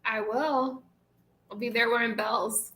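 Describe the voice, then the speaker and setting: A woman's voice: on the high side, steady tone, slow pace, bright, forceful tone. A woman from Boston co-hosting a live online show, upbeat and playful. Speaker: co-host. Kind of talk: casual live show chat.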